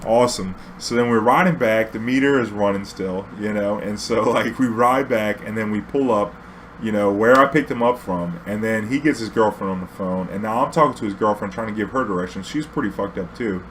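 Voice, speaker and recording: A young man, a former cab driver, telling a loose, profane story from his driving days. His voice sits on the low side, and he keeps looping back and restarting. He laughs often as he goes. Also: brisk, fairly bright tone, a little hiss or hum. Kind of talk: casual storytelling vlog.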